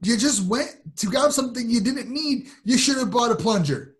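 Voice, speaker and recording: A man's voice: very high voice, animated, normal speed. A man co-hosting a hockey podcast, blunt and teasing, swearing freely. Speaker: podcast co-host. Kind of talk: casual hockey chat.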